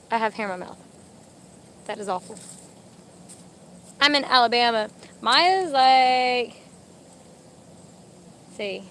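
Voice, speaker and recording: Young woman on a phone outdoors, high bright voice, pregnant and kinda winded, says like a lot, faint noise behind. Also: animated, takes it slowly, pauses often. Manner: chatty, says "like" a lot, commands dogs. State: pregnant and out of breath in the heat. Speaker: vlogger with service dogs. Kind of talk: casual live-stream chat. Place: outdoor dog park.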